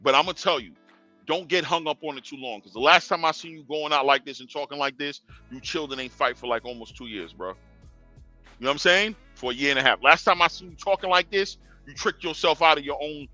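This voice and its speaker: A young man hosts a boxing talk stream, his fairly high voice quick, pushed and bright, with no echo and faint music underneath. He speaks in casual street slang, lecturing fighters directly and dropping chuckling asides.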